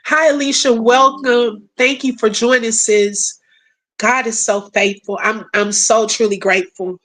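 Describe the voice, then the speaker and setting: A woman hosting a casual livestream, reading viewer messages aloud and answering them in an animated, prayerful and emotional way. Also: a little high, unhurried. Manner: animated, laughs often, calls viewers sis and y'all. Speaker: livestream host. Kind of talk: casual live chat with viewers.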